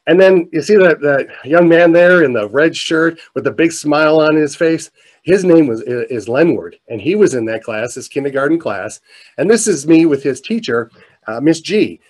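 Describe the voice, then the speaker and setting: A middle-aged man gives a storytelling keynote talk with a fairly high voice. He tells it in an animated way, and his voice rises and grows louder as the story builds. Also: moderate pace. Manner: animated storyteller, voice climbs with excitement. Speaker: motivational speaker. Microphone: presentation mic, virtual showcase.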